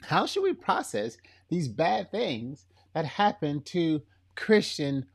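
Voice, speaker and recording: A middle-aged man with a slightly country Florida accent hosts a faith podcast, his voice sitting a little on the high side. He talks in a chatty, upbeat way, stumbling through fillers and restarts as he goes. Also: very animated, slow, gravelly, breathy edge. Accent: Florida, slightly country Southern. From Florida, USA. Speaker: podcast host. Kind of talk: casual faith podcast talk.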